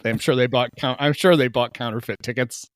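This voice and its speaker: A man's voice: mid-range voice, steady tone, fairly quick. A man hosting a casual sports podcast, joking and rambling with restarts. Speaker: podcast host.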